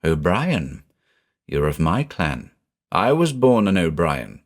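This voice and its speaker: A man reading the part of a stern, somber old woman with a deep, powerful voice and archaic speech. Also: big pitch swings, takes it slowly, exaggerated voice.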